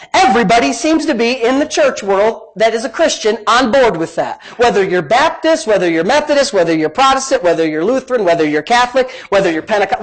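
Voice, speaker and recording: A middle-aged man preaching a sermon as pastor, animated, moving between quiet asides and emphatic rising lines. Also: high-pitched, poor audio.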